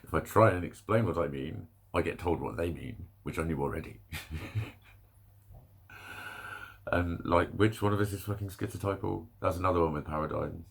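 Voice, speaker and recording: Gravelly low-voiced man ranting. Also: normal speed. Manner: rambling, swearing, self-interrupting. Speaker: vlogger. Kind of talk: candid solo rant to camera.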